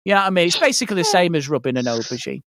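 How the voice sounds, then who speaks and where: A man's voice: on the high side, very animated, very fast, a bit bright, no room sound, clean studio sound. A man, a guest comedian, telling funny anecdotes on a podcast and slipping into mock-posh voices for quotes. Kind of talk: comic storytelling on a podcast. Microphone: podcast mic.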